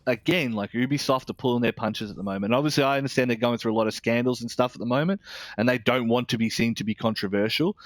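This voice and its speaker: A man's voice: medium pitch, no echo. A man with an Australian accent reviewing a video game in casual chat, rambling and candid, swearing freely.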